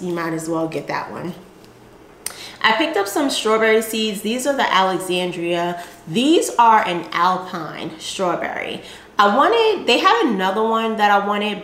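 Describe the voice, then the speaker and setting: Showing her seed packets, a gardening-channel host with a Southern American accent chats and rambles, filling her speech with fillers. She has a lowish, slightly bright voice, and the recording is reverberant with a bit of background noise.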